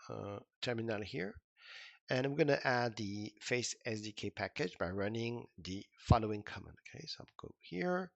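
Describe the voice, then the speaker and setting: A man's voice: fairly low pitch, vocal fry, a bit bright, dry recording, highs cut off. A man giving an informal coding tutorial, thinking aloud with many fillers and restarts. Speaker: instructor. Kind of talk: screen-recorded coding tutorial.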